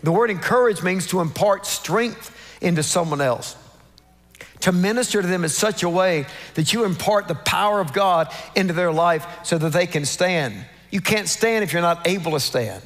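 A man preaching a sermon as senior pastor, slowing down to stress each quoted verse. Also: high-pitched, lively intonation, fairly bright tone, in a large hall. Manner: emphatic preaching, slows down to stress scripture quotes. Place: large church sanctuary.

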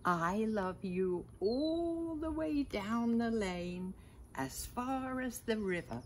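An older woman reading aloud, voicing a small, eager, loving young male hare in a picture book, often in a soft near-whisper. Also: a little high, big pitch swings, takes it slowly, a little hiss or hum, pitched above the performer's own voice, full character voice.

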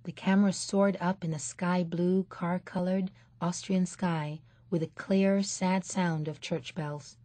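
A woman narrating an audiobook in a measured, steady storytelling manner. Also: lowish voice, no echo. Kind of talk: scripted narration.

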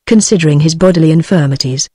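A synthetic audiobook voice reads the story in a steady, middle-pitched tone. The sound is close and dry, with no room around it. Its delivery is even and machine-made throughout. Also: quick pace, breathy edge, dry recording. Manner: even synthetic text-to-speech reading. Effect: text-to-speech voice. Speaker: audiobook narrator. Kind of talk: scripted narration.

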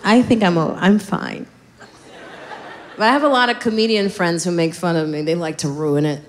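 A woman comedian performing a stand-up set, animated and acting out bits of dialogue. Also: on the low side, moderate pace. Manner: animated, acts out dialogue with voice jumps.

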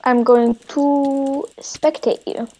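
A woman chatting while gaming, playfully putting on an accent with broken English and drawn-out teasing lines. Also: sits high, flat delivery, dark tone, rough recording. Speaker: gamer. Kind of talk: casual gaming chat.

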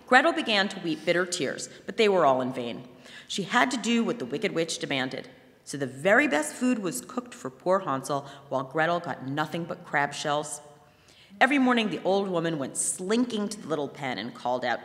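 A woman reads a fairy tale aloud at a live museum event, telling it in an animated way. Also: sits low, normal speed. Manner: animated storytelling. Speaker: reader. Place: museum hall, before an audience. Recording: long hall reverb.

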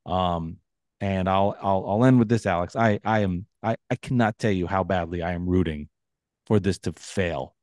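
Halting low-voiced man. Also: darkish tone, dry recording, studio quality. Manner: halting, many restarts, wry. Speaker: podcast co-host, Nets fan. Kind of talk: casual sports chat.

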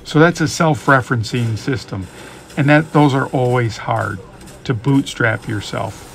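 Gravelly man musing over gameplay. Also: medium pitch, a little slow. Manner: rambling, reflective, thinks aloud. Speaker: gaming YouTuber.

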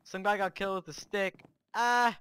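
High, bright-voiced hyped gamer guy. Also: moderate pace, dry recording. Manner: excitable, boastful trash talk. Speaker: gaming channel host. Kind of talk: Minecraft gameplay commentary. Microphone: cheap microphone.

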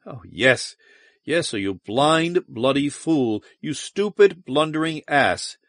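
A man's voice: fairly high pitch, animated, slow pace, a bit bright, dry recording, clean studio sound, heavily acted. A man voicing an intense, emotional male starship leader in an audiobook. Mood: exasperated.

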